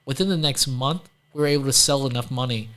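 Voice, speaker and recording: A chatty man from Louisiana, a guest on an interview podcast, speaking at a middling pitch. He tells long stories loosely, full of "like" and "dude", and slips into the voices of the people he quotes. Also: fast, a bit bright. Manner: chatty, heavy use of "like", acts out quoted people. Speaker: entrepreneur guest. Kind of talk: casual storytelling interview.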